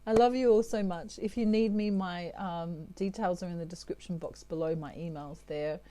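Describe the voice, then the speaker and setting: An Australian woman talks through a tarot reading for her listeners. Her voice sits on the low side and sounds soft and mellow. She keeps it chatty and drops in "okay" often as she moves between messages. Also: steady tone, moderate pace, slight background noise. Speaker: tarot reader. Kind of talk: channeled tarot reading monologue.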